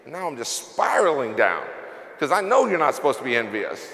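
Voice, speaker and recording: A man's voice: mid-range voice, big pitch swings, brisk, creaky, bright, forceful tone. A middle-aged man, a company CEO, giving an emotional, confessional motivational speech from a stage. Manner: confessional, earnest, emotional storytelling. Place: large event hall. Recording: echoey hall with long reverb.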